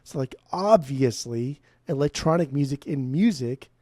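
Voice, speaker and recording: Man, American accent, podcast co-host, casual rambling chat, profane and jokey, lively pitch, dry close sound. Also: unhurried, dry recording. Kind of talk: casual chat about music.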